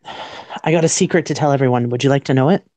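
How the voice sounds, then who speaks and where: A fast-talking woman from Canada with an extremely low, warm voice hosts a casual outdoor livestream in freezing conditions, with no room sound. The cold has her shivering and stuttering, and she giggles, jokes, and mocks herself.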